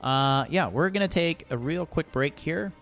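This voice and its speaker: A man's voice: a little high, expressive, moderate pace, a bit bright, soft background music. Rambling man running a tabletop game. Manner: chatty, rambling with fillers. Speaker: game master.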